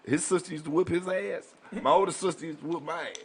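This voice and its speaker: A man's voice: on the high side, fast talker, a little hiss or hum. A young man, a comedian, telling stories in a casual, laid-back drawl in a radio studio. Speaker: guest comedian. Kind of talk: casual storytelling.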